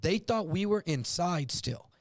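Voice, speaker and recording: Animated storytelling man, dry close sound. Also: high-pitched, measured pace, no room sound. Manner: animated storyteller, acts out voices, swears freely. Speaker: guest. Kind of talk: storytelling in casual chat.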